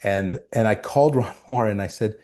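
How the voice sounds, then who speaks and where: A man with a fairly low voice tells behind-the-scenes stories in an interview. He talks casually, with restarts, and acts out what people said. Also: moderate pace. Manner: animated storyteller, acts out quotes. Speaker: actor guest. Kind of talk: storytelling interview.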